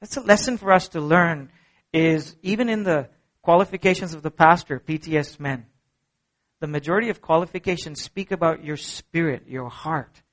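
A middle-aged man preaching a sermon as pastor, earnest and emphatic, swinging from soft low passages to ringing peaks. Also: normal speed.

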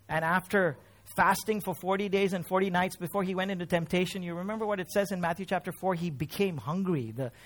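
A man with a notably high voice preaches a sermon in church. He talks with feeling, rising loud on key phrases and sinking low and soft between them. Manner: emotional, swells louder on key phrases then drops low. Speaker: pastor.

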